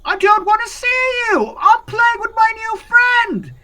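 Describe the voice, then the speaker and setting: A man voicing a whiny little boy who petulantly yells at his mother during a tabletop game. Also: expressive, unhurried, full character voice. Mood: shrill petulant. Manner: shrill, yelling, bratty.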